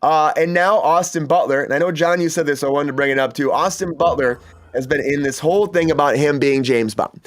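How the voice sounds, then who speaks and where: This is a man with a fairly high voice, hosting a relaxed entertainment news show. He chats eagerly and loosely, with plenty of fillers and side remarks as he talks to his co-host. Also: fairly quick. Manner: chatty and enthusiastic, many fillers and asides. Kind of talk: casual entertainment news chat.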